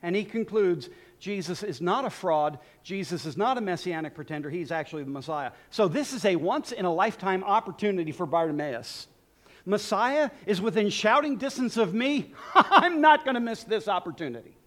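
A man's voice: sits high, expressive, moderate pace, a bit bright. A man preaching a sermon in an emphatic style, speaking directly to his listeners.

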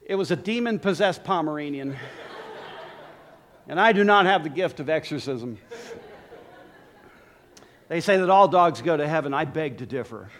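Male preacher, sermon, high voice, animated and joking. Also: moderate pace, pauses often, a little hiss or hum. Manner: lively, humorous, laughs at his own jokes.

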